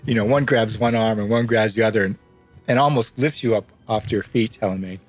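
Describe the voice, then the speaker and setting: A man's voice: on the low side, a little fast, faint music behind. A man narrating as game master in a tabletop game, loose and rambling and often laughing.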